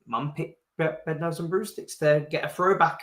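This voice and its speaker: A man co-hosting a podcast, telling a funny story in an animated, laughing way. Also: a little high, normal speed, reverberant. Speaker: podcast co-host. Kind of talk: casual chat.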